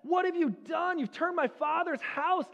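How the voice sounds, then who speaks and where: A man's voice: very high voice, measured pace, creaky, a bit bright, long reverb tail, muffled recording, voice pushed up, heavily acted. A man acting out an angry male teacher rebuking traders in a temple, with an indignant, exclaiming delivery.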